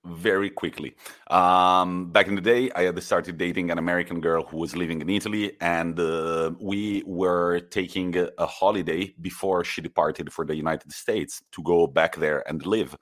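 A man's voice: sits low, fairly even intonation, moderate pace, a bit bright. A man co-hosting a football podcast, telling stories in a casual, rambling way. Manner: storytelling, rambling with fillers. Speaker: podcast co-host. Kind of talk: casual chat.

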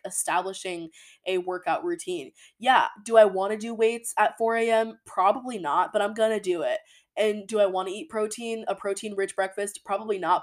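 A young woman in her twenties hosting a podcast, giving casual, earnest life advice with lots of "like" fillers. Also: mid-range voice. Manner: earnest, emphatic, many "like" fillers. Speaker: podcast host.

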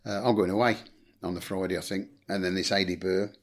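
A man's voice: deep voice, fairly even intonation, a little fast. A middle-aged English man, a former football manager, telling blunt anecdotes in a casual interview and acting out quotes. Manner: blunt anecdotal storyteller, swears, acts out quotes.

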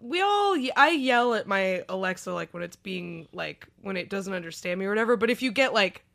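A woman's voice: mid-range voice, lively intonation, a little fast, creaky, fairly bright tone. A young woman co-hosting a comedy podcast, chatting casually, giggling often and filling her talk with "like". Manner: giggly, chatty, lots of "like" fillers. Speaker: podcast co-host.

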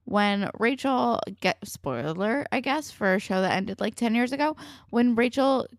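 A woman's voice: a little high, animated, a little slow, dry recording, studio quality. A young woman co-hosting a casual podcast, blunt and exasperated, swearing freely as she vents. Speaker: podcast co-host. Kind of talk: casual chat.

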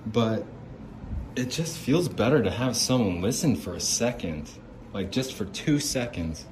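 A man's voice: fairly low pitch, expressive, unhurried, background noise. A man ranting in a casual, rambling monologue, agitated and swearing, with lots of fillers. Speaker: podcaster venting in a voice message.

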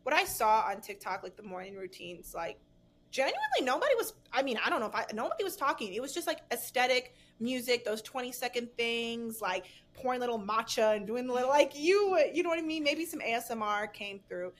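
A woman's voice: fairly high pitch, big pitch swings, a little fast. A young adult woman talking casually as a podcast guest, chatty and full of fillers and restarts. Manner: chatty, filler-heavy, frequent restarts and bursts of laughter. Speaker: guest influencer.

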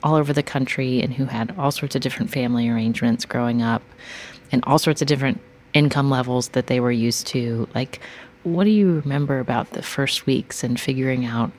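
Deep-voiced woman podcast host. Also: brisk, a little mellow, slight background noise. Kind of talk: interview and scripted narration.

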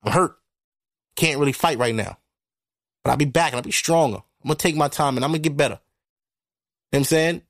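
A man hosting a podcast, talking through a casual monologue into a microphone in a blunt, profane, animated way. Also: a little high, quick pace, pauses often, no room sound, studio quality. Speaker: podcast host. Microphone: studio microphone.

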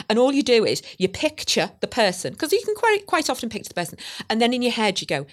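A woman's voice: mid-range voice, very animated, fast, few pauses. A woman chatting casually on a podcast, rambling and poking fun at herself. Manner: chatty, rambling, self-mocking. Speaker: podcast guest. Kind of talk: casual chat.

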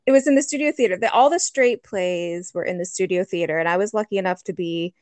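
A middle-aged woman talks in a relaxed, chatty way and laughs often. She searches for words with small fillers. The recording is close and dry, with no room sound. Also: on the low side, fast talker, no echo. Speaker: guest. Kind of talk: casual chat.

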